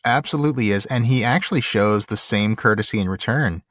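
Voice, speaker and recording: A man's voice: on the low side, a bit bright, no room sound, clean studio sound. A middle-aged man co-hosting a podcast, friendly and agreeable in casual chat. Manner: friendly, agreeable, quick to praise. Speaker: podcast co-host.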